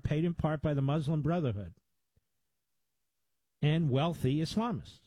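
A man's voice: on the high side, mellow, dry recording, low-quality recording. A male radio host delivering emphatic, indignant talk radio commentary with lots of repetition.

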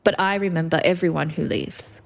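A woman's voice: low voice, a little fast, gravelly. A woman reading an anguished young lover who cries out melodramatically. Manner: crying, melodramatic.

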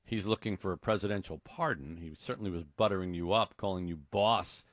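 A man hosting a comedy radio interview, asking brisk questions and playing it straight. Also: deep voice, no room sound, studio quality. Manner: plays it straight, brisk questions, laughs along. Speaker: radio show host.

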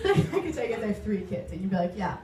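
A woman's voice: mid-range voice, sing-song, quick pace, far from the mic. A woman in her twenties doing a self-deprecating stand-up comedy set, full of "like". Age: 20s. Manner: wry, self-deprecating, lots of "like". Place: comedy club stage. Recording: roomy club sound from off-mic with loud audience noise. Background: audience laughter.

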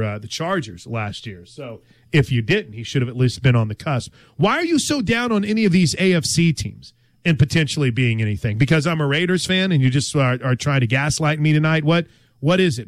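A man's voice: a little high, no room sound. A man co-hosting a sports talk show, needling his partner with sarcastic questions. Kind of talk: casual sports debate.

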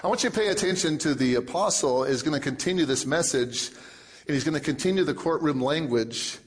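A pastor delivers a sermon to his congregation in a voice pitched a little above most men's. He leans on repetition and swings from forceful declarations down to hushed, low phrases. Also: a little fast. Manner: emphatic preaching with repetition and big swings in volume.

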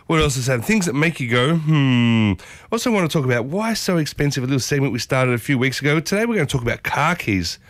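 An Australian man in his thirties hosts a morning radio show, his voice husky from a sore throat. He talks in a playful, energetic, chatty way. The studio sound is dry and close. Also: medium pitch, racing, hardly any pauses, no echo. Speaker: radio host. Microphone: studio microphone.

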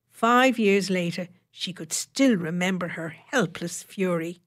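A woman reads an audiobook with a lowish, steady voice. Her storytelling is measured and wry, leaning into the dry humour. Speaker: narrator. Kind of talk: audiobook narration.

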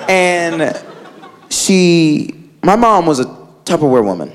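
A man doing stand-up comedy, telling a family story in an animated way, filling his talk with "like" and acting out his relatives. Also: fairly high pitch, brisk. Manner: animated, loads of "like" fillers, acts out family members.

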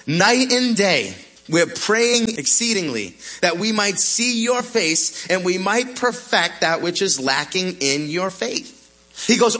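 A male pastor preaching a sermon in an animated way, acting out the apostle's words in quotes. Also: sits high, a little slow. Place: church.

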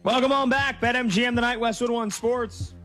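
A man in his thirties hosting a sports talk radio show, chatting casually and telling stories in an animated way. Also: very high voice, fairly quick, soft background music. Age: 30s.

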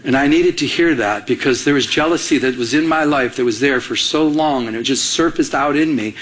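A man's voice: mid-range voice, a little fast, slight background noise. A man preaching a sermon, telling a personal story and acting out the dialogue in it. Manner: animated storyteller, acts out quoted dialogue. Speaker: pastor.

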